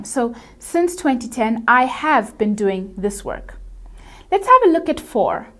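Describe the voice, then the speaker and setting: A woman with a high voice teaches English grammar as an online course host. She explains in a clear, measured, teacherly way, reading from a script.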